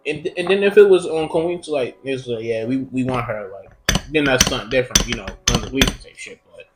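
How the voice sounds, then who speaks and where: A man's voice: medium pitch, fast, loud music behind the voice. A young man telling a personal story in casual chat, rambling and profane with lots of fillers. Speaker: podcast co-host. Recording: roomy echo.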